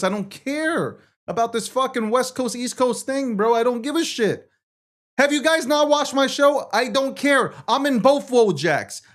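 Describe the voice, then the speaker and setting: Speaking at a moderate pace with lively intonation, this very high-pitched male host launches into a profane, combative rant. He reads out social media posts and argues with each one.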